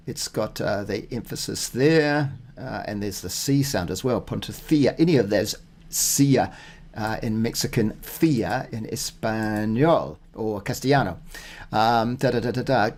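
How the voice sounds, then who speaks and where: A man working through his Spanish practice notes out loud, thinking aloud with many fillers and restarts, and reading phrases slowly and deliberately. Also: mid-range voice. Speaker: Spanish learner. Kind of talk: casual self-recorded practice talk.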